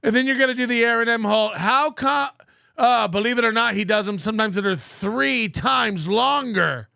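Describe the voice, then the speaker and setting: A man's voice: very high voice, normal speed, vocal fry, sharp tone, no room sound, studio quality. A man hosting a show, reacting to clips with sarcastic, profane commentary and frequent laughs.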